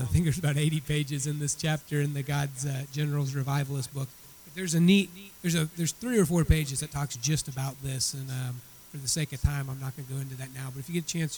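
A man's voice: a little high, a little mellow, slight background noise, poor audio. A man teaching a church Bible study. He retells a story in a conversational way and often repeats words as he restarts his sentences.

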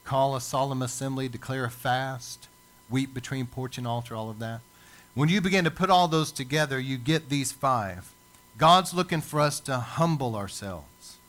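A male pastor preaching a sermon, building emphasis with dramatic pauses. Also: medium pitch, fairly bright tone. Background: church service.

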